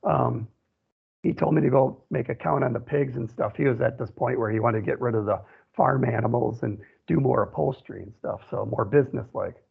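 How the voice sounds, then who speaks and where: A man from central Wisconsin tells a story as a radio guest, rambling and looping back with "you know". His voice is gravelly and husky. It comes through a thin, phone-like line. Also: mid-range voice. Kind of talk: telling a personal story in an interview.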